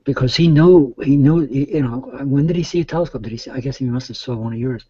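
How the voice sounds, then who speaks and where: Casting note: middle-aged male guest, rambling and mellow, dry lo-fi audio. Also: medium pitch, quick pace, slightly rough, dry recording. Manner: rambling, with many restarts. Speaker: guest caller. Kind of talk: casual chat. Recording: dull, dry lo-fi sound.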